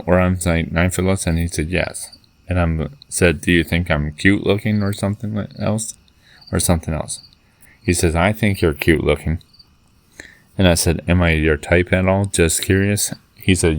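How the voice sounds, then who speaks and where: A man vlogging, retelling a text conversation in an earnest, rambling and halting way. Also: deep voice. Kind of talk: casual spoken retelling of a text chat.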